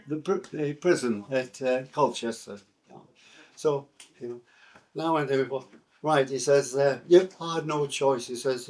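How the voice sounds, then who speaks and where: An older man from England with a Sunderland accent recounts his life story in an interview. His medium-pitched voice is a little mellow, and he speaks hesitantly with many fillers and restarts.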